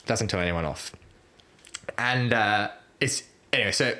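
A man co-hosting a podcast, telling a sports story in casual, rambling chat full of fillers and quick asides. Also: fairly low pitch, bright, forceful tone. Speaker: podcast co-host.

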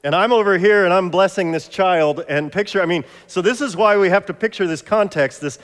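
A man's voice: high voice, fairly quick, a bit bright. A man preaching an interactive sermon as pastor, joking with the congregation and calling up volunteers. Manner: playful, jokey, coaxing volunteers. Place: church sanctuary. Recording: long hall reverb.

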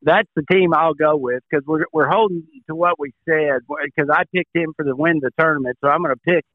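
An older man and former tour pro, a show regular, telling a folksy, animated story in casual chat. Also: a little high, a little fast, dry recording. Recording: tinny phone line.

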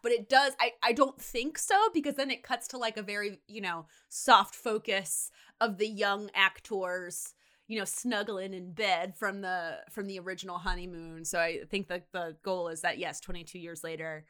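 A young woman co-hosting a podcast, casually retelling a story in a chatty, animated way, full of fillers and swearing. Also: mid-range voice, moderate pace. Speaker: podcast co-host.

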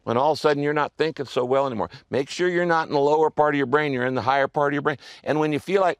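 A man's voice: a little high, quick pace, hardly any pauses, smooth, no room sound, clean studio sound. A male pastor preaching a sermon in a conversational way, often checking in with the listener and acting out inner thoughts.

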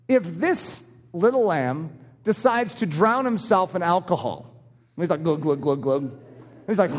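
A man preaching a sermon, acting out short voices in his illustrations. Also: very high voice. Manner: animated, acts out little voices in his illustrations. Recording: long hall reverb.

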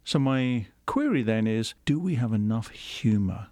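A man moderating a panel discussion with a slightly low voice. He asks his questions in a relaxed, plain way. The sound is dry and close-miked. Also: unhurried, no room sound. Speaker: host.

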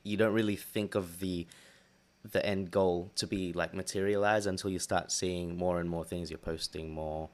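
A man's voice: deep voice, fairly even intonation, moderate pace. A man co-hosting a podcast, talking casually in a playful, rambling way with frequent restarts. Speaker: podcast co-host. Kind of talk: casual chat.

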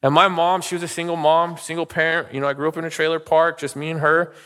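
A middle-aged man delivers a sermon as pastor, his voice on the high side, fast and sharp, with little pitch movement. His manner is conversational and full of personal stories, peppered with "okay?" and "right?", and the church sanctuary gives it a long, hall-like reverb.

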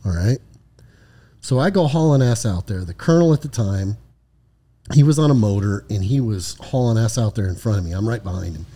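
Mellow-voiced man telling a war story. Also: lowish voice, expressive, fairly quick. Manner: profane, frequent "right?" tag questions. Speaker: podcast co-host, former highway patrol lieutenant. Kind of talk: casual spoken storytelling.

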